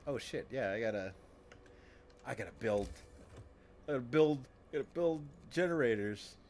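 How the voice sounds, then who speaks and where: A man's voice: mid-range voice, expressive, normal speed, a little mellow, a little hiss or hum. A man streaming a game in casual commentary, rambling and joking with many restarts and repeated words.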